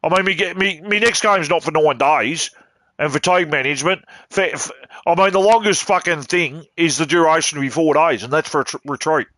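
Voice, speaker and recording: A man's voice: on the high side, fairly quick, a bit bright, no echo. A man giving casual, rambling gaming commentary, full of swearing and cheeky jabs.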